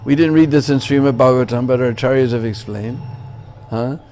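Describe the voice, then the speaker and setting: A man's voice: medium pitch, brisk, darkish tone, faint music behind. A man giving a temple sermon, telling a story and checking in with listeners by asking "Hmm?" and "Huh?". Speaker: religious lecturer.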